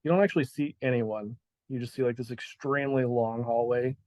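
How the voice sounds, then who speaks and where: A man's voice: mid-range voice, fairly even intonation, fairly quick, a little mellow, dry recording. A man narrating a tabletop game as its game master, laid-back and chatty, with many filler words.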